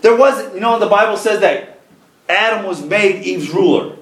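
High-voiced preacher in an echoey room. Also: male voice, moderate pace, fairly bright tone. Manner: reads scripture aloud and drives points home with rising emphasis. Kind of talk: sermon.

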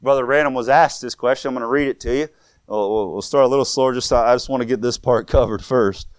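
A man's voice: medium pitch, fast, clear, resonant tone, dry recording. A man preaching a sermon in an earnest, fervent way, repeating words as he builds each point.

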